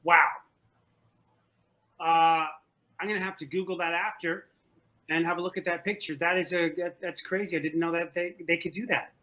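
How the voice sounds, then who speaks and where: A man hosting an online trivia game over a video call, animated and joking, often repeating himself. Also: fairly high pitch, moderate pace, pauses often, poor audio. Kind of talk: playful game-show hosting. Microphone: video call from home.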